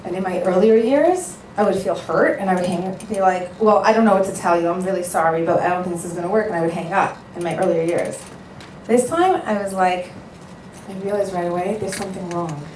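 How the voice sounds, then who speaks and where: Woman matchmaker, earnest speech, acts out dialogue, roomy echo, mic a bit distant, faint noise. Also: fairly low pitch. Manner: earnest, animated storytelling, acting out both sides of phone calls. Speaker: matchmaker giving a talk. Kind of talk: speech to an audience. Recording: echoey room, voice a bit far from the mic, faint background noise.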